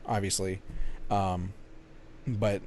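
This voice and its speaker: A man's voice: low-pitched, little pitch movement, slow, darkish tone, slight background noise. A man co-hosting a casual gaming podcast, rambling with lots of fillers and restarts. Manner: rambling, filler-heavy, laughs easily. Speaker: podcast co-host.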